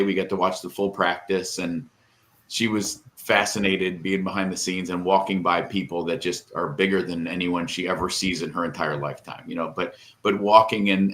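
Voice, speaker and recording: A middle-aged man co-hosting a podcast tells a long, rambling, emotional story in casual conversation, tearing up as he goes. His voice is deep, with a bit of brightness.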